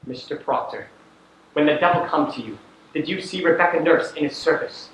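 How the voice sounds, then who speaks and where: A teenage actor on a school stage playing a stern male judge who questions in a measured, commanding way. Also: a little high, a bit bright, a little hiss or hum, natural voice. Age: late teens. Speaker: student actor. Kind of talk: stage acting in a school play. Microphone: distant camera in the audience. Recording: echoey hall from far off.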